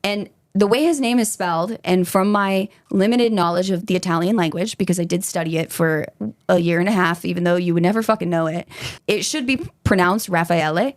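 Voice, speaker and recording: A woman's voice: lowish voice, fairly quick. A young woman hosting a podcast, telling a true crime story in a casual, chatty way and casually swearing. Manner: chatty and animated, swears casually, slips into quoting voices.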